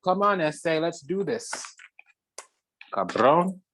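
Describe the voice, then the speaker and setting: Give me a mid-pitched spiritual channel host doing a fiery, profane reading with big dramatic pauses. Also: lively intonation, background noise. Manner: heated and profane, swinging between loud and hushed.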